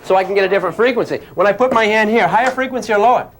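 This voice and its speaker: A man's voice: high voice, very fast. An older man giving a physics lecture to a class in a playful way, often asking questions and making sound effects.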